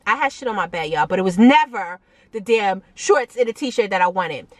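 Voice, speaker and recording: A young adult woman vlogging a casual storytime, animated, with many fillers and asides to her viewers and higher-pitched quoted voices. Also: moderate pace, no room sound.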